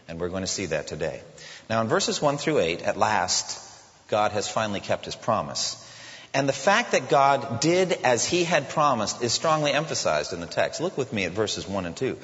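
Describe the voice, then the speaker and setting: A male pastor preaching a sermon emphatically, slowing down to stress his points, in a large church. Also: lowish voice, fairly bright tone. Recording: dull sound with long hall reverb.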